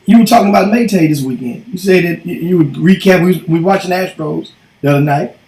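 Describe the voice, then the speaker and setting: A man co-hosting a casual sports talk show, teasing with rapid-fire questions. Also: high-pitched, creaky, darkish tone, reverberant, rough recording. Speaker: co-host.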